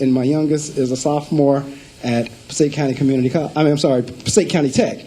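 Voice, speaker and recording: A middle-aged man speaks as a school principal giving a presentation to district staff. His voice sits a little high but sounds warm and mellow, with a husky edge. He tells stories with emphatic, preacher-like delivery and acts out the conversations. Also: rough recording. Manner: storytelling speaker acting out phone calls.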